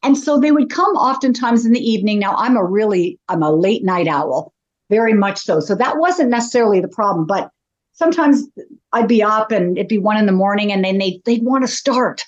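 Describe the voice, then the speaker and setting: A woman's voice: medium pitch, expressive, fairly quick, muffled recording. A woman, a psychic medium, talking casually in an interview as a chatty, self-deprecating storyteller.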